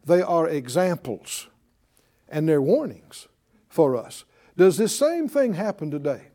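High, animated preacher. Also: male voice, takes it slowly. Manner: calls out to the class for responses; dramatic swings between loud and soft. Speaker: preacher teaching a Bible class. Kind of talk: lively sermon teaching.

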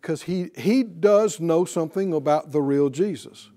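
A man preaching a lively sermon, calling out to his congregation and acting out the voices in his stories. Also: a little high, a little slow. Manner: animated, call-and-response, acts out quoted voices.

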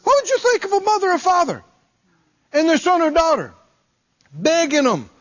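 A man's voice: very high voice, very animated, moderate pace, pauses often, dull audio. A male preacher delivering a dramatic sermon, acting out pleading prayers and firing off rhetorical questions in folksy phrasing.

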